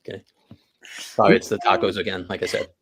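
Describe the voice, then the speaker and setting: A man's voice: lowish voice, very animated, moderate pace, breathy edge. A man co-hosting a casual talk show, rambling through joking anecdotes. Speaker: podcast co-host. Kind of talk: casual chat, storytelling.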